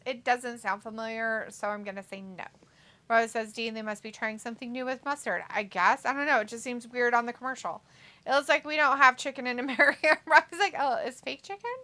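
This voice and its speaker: Bright, chatty woman co-hosting a live stream. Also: a little high. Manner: reads chat messages aloud, jokey and chatty. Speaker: watch-along co-host. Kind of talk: casual live-stream chat.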